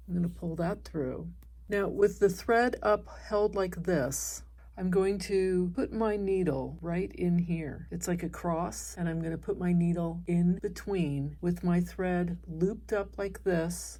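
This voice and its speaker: Gravelly-voiced woman teaching embroidery. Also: on the low side. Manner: calm, explains while stitching by hand. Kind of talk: step-by-step craft tutorial.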